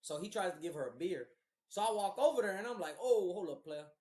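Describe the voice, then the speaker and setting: A man's voice: sits high, big pitch swings, fast, a little mellow. A man in his thirties hosting a podcast, telling a profane story in casual chat and acting out what people said. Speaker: podcast host. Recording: roomy echo.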